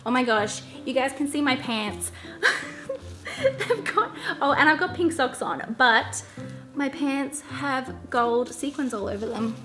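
A woman's voice: high voice, lively intonation, slow pace, a bit bright, soft background music. A young woman chatting in a bubbly, giggly way through a casual shopping haul vlog. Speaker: vlogger.

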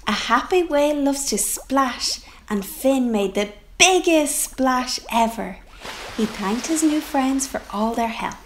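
Woman reading a picture book aloud, slow and expressive, high lively voice, library storytime. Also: slight background noise. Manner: expressive, sound effects.

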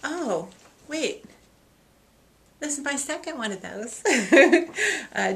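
An author opening gifts from readers talks to them on video, emotional and gushing, laughing and choking up as she reads a letter aloud. Her high, animated voice is gravelly and fairly bright, slow, with long pauses.

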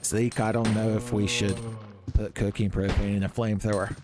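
Guy doing a bored monotone cartoon teen girl, lowish and flat. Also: moderate pace, loud music behind the voice, lightly acted. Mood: deadpan.

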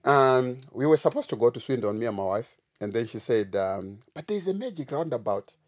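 Animated zimbabwean guy, comedian guest, laughs a lot, pitch jumps around. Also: fairly quick. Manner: playful, animated storyteller, laughs often. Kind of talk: casual podcast chat.

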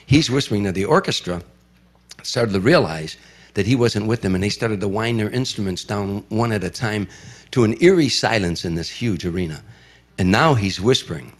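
A man's voice: lowish voice, brisk. An older man from Chicago, an entertainer, telling a vivid story in an interview and acting out the voices of the people in it. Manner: vivid storyteller who acts out quoted voices.

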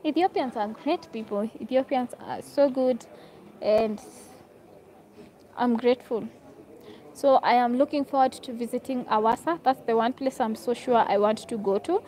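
A woman's voice: fairly high pitch, mellow. A woman hosting a live stream in a hotel room, chatting casually as she reads viewer comments aloud and answers them, laughing easily.

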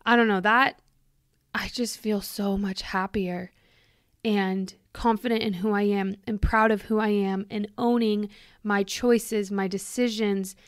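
Woman podcast host, late twenties, clear smooth voice, dry close sound, chatty and gushing. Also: mid-range voice, no echo. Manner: chatty and heartfelt, full of "like" and gushing thanks. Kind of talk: casual reflective podcast monologue.

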